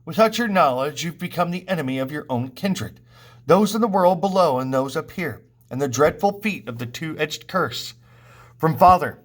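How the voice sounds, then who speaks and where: A teacher reading a stern blind old prophet. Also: male voice, on the high side. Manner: grave, warning reading. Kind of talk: reading a play aloud.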